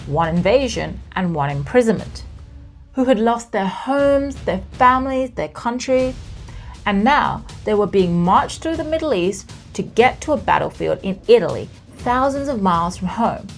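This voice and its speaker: A woman narrates a history podcast with a lively, rising and falling voice, building drama and dropping in wry asides. She has a medium pitch, and faint music plays underneath. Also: moderate pace. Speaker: podcast host and storyteller. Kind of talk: storytelling narration.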